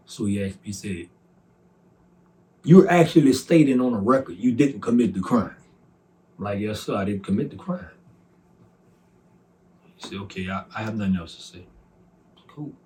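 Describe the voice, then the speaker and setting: A man in his forties with a fairly low voice tells his personal testimony. He speaks softly and earnestly, acting out both sides of a past conversation. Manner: recounts dialogue by voicing both sides, soft and earnest.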